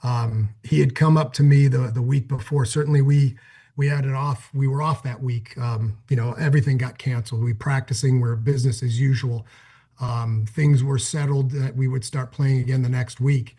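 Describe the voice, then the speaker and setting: A middle-aged man from Cleveland, a former pro football player, telling an animated story as a guest on a talk show. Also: medium pitch, moderate pace, slightly rough. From Cleveland, Ohio, USA. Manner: energetic, acts out quoted exchanges.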